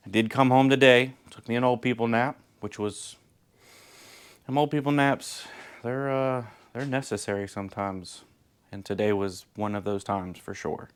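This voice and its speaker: A man's voice: mid-range voice, moderate pace, clear, resonant tone. A man from Virginia, talking in a laid-back, rambling way as he introduces his car-building vlog. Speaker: vlogger building a lowrider. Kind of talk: casual garage vlog intro.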